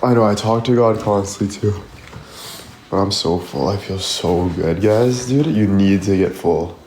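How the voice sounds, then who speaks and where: A man livestreams loose motivational chatter, constantly leaning on "like" and "you know." He speaks a little slowly in a lowish, slightly mellow voice, with slight background noise; the room echoes and faint music plays behind him.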